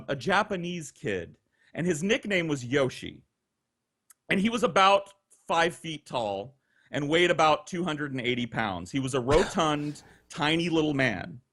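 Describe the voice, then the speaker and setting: Brief: man, slightly high voice, casual profane storyteller on a video call. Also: breathy edge. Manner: profane, animated, acts out voices. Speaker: storyteller guest.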